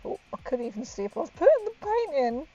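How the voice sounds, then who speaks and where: A chatty woman talks to her viewers while painting, laughing often and thinking aloud. Her voice sits a little high and sounds muffled and lo-fi, with faint music playing behind her. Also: sing-song, fast talker, dark tone. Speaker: livestreamer painting miniatures. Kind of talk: casual live-stream chat. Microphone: wearing a helmet that muffles her voice. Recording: dull lo-fi stream audio with faint music.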